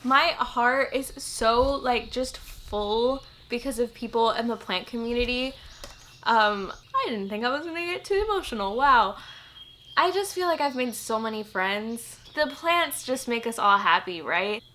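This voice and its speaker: Young woman, casual vlog, teary, gushing, fairly high, bright tone. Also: lively intonation, measured pace. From Texas. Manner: chatty, gushing, filler-heavy. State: teary and emotional. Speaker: plant channel host.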